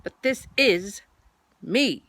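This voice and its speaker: A woman voicing a slow, honey-loving toy bear in a storybook reading, talking in a ponderous, slightly greedy way. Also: on the high side, big pitch swings, dry recording, exaggerated voice. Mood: puzzled.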